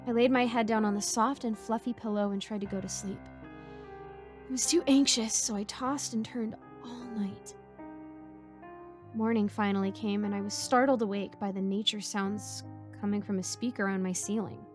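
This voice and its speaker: A woman's voice: mid-range voice, fairly even intonation, moderate pace. A woman narrating a creepy first-person horror story in a tense storytelling manner. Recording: music bed under voice.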